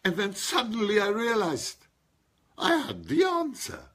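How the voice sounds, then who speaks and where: A man's voice: high voice, big pitch swings, unhurried, fairly bright tone. A man preaching a sermon, stressing single words and calling on his listeners to respond. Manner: emphatic, calls on listeners to respond.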